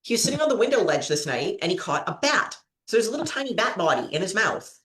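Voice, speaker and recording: Speaking fast in a medium-pitched, fairly bright voice with big pitch swings, this woman hosts a trivia show. She's a rambling, giggly storyteller who chats casually and laughs often, captured in a roomy, echoey space.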